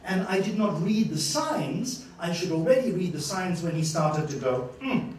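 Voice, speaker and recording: A man lecturing to a class with a high, swooping voice that leaps around as he acts out his stories. He is heard from across a very echoey university room with faint ambience behind. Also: moderate pace, slight background noise. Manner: animated storyteller, acts out scenes, laughs often. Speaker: lecturer giving a master class. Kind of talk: lively master-class lecture. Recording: echoey hall, distant mic.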